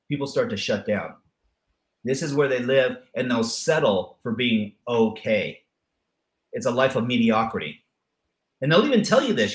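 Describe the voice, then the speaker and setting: A middle-aged man guest in a motivational interview who tells lively stories and acts out the people in them with changing voices. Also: mid-range voice, echoey room. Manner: lively storyteller acting out dialogue with voice changes. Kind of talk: animated motivational interview talk.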